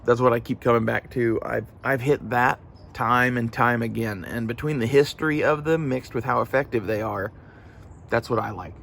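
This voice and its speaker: Guy with a gravelly voice just rambling on about his gear, swears a lot, lots of uhs and you knows, faint room hum behind him. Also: mid-range voice, moderate pace, a bit bright. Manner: casual, profane, rambling with fillers. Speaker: gun channel vlogger. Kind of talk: casual rambling gear talk.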